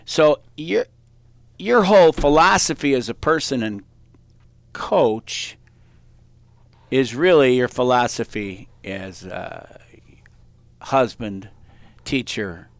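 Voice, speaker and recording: Gravelly middle-aged male podcast host. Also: mid-range voice, animated, slow pace, long pauses, dry recording. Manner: rambling, storytelling, many restarts. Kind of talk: casual interview chat.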